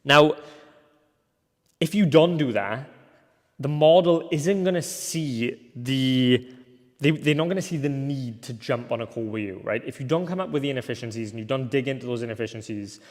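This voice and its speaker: A young man from Wales teaching a recorded course lecture in a casual way, often tagging points with a quick question and filling pauses as he thinks. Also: medium pitch. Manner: casual, ends points with a tag question, thinks aloud with fillers. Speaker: agency coach. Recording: long hall reverb.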